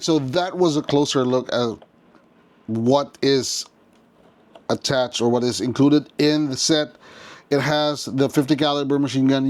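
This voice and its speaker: A man talking through a toy unboxing in a loose, chatty way, with a voice of middling pitch. He is excited about small details, stops often to restart a thought, and talks straight to his viewers. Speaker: toy reviewer. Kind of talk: casual unboxing commentary.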